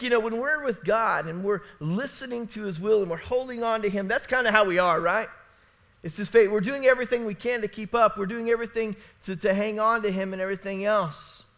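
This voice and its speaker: A middle-aged man preaching a sermon in a church, with a notably high-pitched voice. His tone is bright and forceful, and he tells his points like a casual story. He keeps checking in with the room with "right?" and moves between booming emphasis and quiet, low asides. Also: a little fast. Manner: conversational storytelling, frequent "right?" and repetitions; swings between loud emphatic and hushed low passages. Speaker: pastor. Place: church sanctuary.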